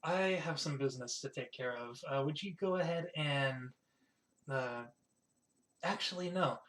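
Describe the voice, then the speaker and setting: A man's voice: fairly high pitch, a bit bright. Curt short-haired woman done by a man, blunt, no fuss. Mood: brusque. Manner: blunt and brisk.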